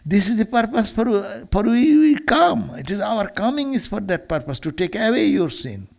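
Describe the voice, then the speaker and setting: A male monk delivers a Sunday sermon through stories, speaking earnestly and often restarting his phrases. His voice sits a little high and carries a steady gravelly fry. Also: normal speed. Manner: earnest, with frequent restarts and repeated words. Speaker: monk giving a Sunday lecture. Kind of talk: sermon with storytelling.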